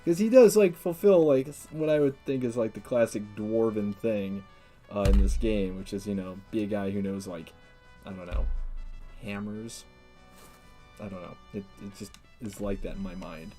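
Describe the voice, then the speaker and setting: A man's voice: on the low side, moderate pace, warm tone. A man streaming a video game, chatting casually and rambling with frequent laughs and fillers. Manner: chatty, rambling, laughs often, uses lots of "like". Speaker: let's play streamer. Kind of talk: casual gameplay commentary. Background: faint game music.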